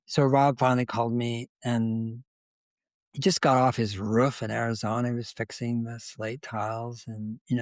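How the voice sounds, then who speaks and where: A man's voice: mid-range voice, no echo. An older man as an interview guest, telling anecdotes in a conversational way and acting out the dialogue he quotes. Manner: anecdotal, acts out quoted dialogue, restarts often. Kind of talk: conversational storytelling.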